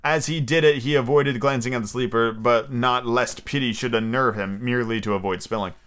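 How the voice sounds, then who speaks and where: A man's voice: medium pitch, steady tone, a little fast, fairly bright tone, clean tone. A man hosting a podcast, reading a novel aloud with casual asides and self-corrections. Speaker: podcast host.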